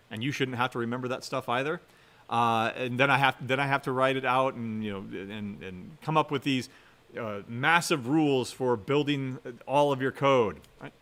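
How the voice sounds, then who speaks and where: A man giving a programming lecture while he codes live. He keeps things conversational and checks in with a quick "right?" after most points. He drives warnings home by repeating them several times. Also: medium pitch, a bit bright. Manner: conversational, often adds "right?" as a tag question; emphatic, repeats key warnings. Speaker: university instructor.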